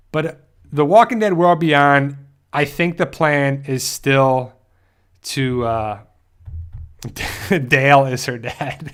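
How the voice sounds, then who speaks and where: A man's voice: fairly high pitch, fairly bright tone. A man hosting a casual fan livestream, reading out viewer comments, chatty and laughing often. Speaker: host of a fan discussion show.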